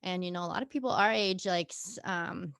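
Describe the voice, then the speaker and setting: A woman's voice: fairly low pitch, brisk, fairly bright tone, no echo, studio quality. A young woman in her twenties talking casually as a podcast guest, with lots of fillers. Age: 20s. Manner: chatty, many likes and ums. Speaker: guest student.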